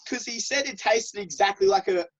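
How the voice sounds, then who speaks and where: A young man co-hosting a podcast, telling stories in a casual, animated way and acting out what others said. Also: sits high, moderate pace. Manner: animated, laughing, acts out quotes. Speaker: podcast co-host. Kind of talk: casual storytelling chat. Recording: dull lo-fi sound.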